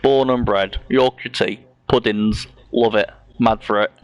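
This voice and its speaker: A man's voice: lowish voice, fairly even intonation, unhurried, highs cut off. A man hosting a casual talk show, bantering, teasing and swearing with his guests. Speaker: podcast host. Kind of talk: casual chat.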